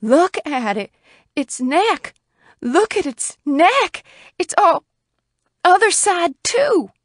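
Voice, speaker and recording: A woman reading the part of an earnest farm neighbor woman in a story, in a gentle voice. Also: on the high side, lively intonation, moderate pace, gravelly, dry recording, studio quality. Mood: alarmed. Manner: gentle, then urgent.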